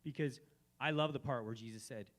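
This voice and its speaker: A man hosting a live gathering, giving a preachy spiritual talk that swings between hushed and emphatic. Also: medium pitch, fairly quick. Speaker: event host.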